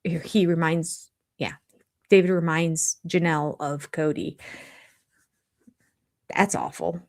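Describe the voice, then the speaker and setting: An older woman hosting a live chat with viewers about a reality show, casual and animated, with restarts and quoted asides. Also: sits low, slow. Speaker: livestream host of a reality TV recap channel.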